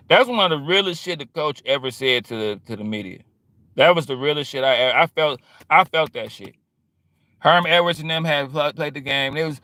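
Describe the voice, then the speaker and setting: A man's voice: a little high, brisk, bright, forceful tone, dry recording. Rambling streetwise man, dry close sound. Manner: streetwise, rambling, slang-heavy, drifts into quoting others. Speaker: vlogger. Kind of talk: casual monologue.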